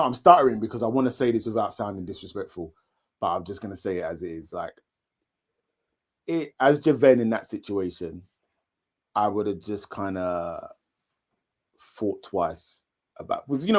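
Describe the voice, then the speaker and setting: A man's voice: fairly low pitch, expressive, a little fast. A British man hosting a casual TV recap chat, laid-back and candid with slangy asides. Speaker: host. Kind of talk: casual chat, reading viewer comments.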